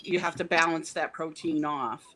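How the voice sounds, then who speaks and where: A woman's voice: low-pitched, fairly even intonation, moderate pace, fairly bright tone, slight background noise, rough recording. A woman in a casual group chat, talking hesitantly with many ums and restarts.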